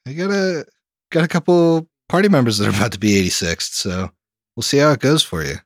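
A man's voice: mid-range voice, lively intonation, a little fast, no room sound, studio quality. A young adult man hosting a tabletop game podcast, joking and crude in casual banter. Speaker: game master and host.

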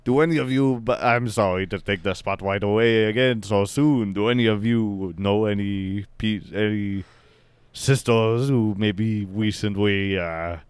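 Man, improv comedy, low slow smooth voice. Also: no echo. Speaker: improv performer.

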